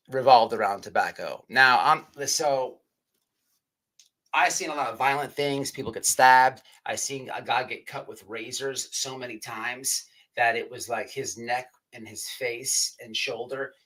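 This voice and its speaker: A man's voice: mid-range voice, measured pace, pushed and bright, rough recording. Man telling a rambling story. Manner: rambling, repeats himself, swears often. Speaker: podcast host. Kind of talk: casual storytelling on a livestream.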